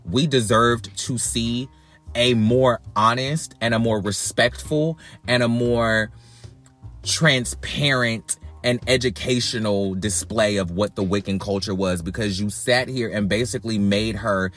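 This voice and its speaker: A man's voice: fairly low pitch, a little slow, faint music behind. Blunt, profane man ranting on a podcast. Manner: blunt, profane, animated ranting with repeated words. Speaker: podcast host. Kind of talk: casual reality-TV commentary podcast.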